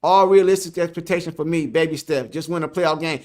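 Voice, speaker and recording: A man's voice: fairly high pitch, fairly quick, few pauses, a little mellow. A man hosting a casual sports live stream, reading the chat aloud, joking, laughing and repeating himself.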